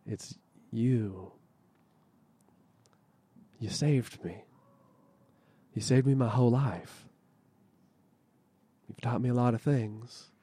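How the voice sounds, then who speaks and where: A male storyteller voicing a gentle young princess, Jack's true love, softly and tenderly. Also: mid-range voice, takes it slowly, pauses often, slightly rough, pitched below the performer's own voice.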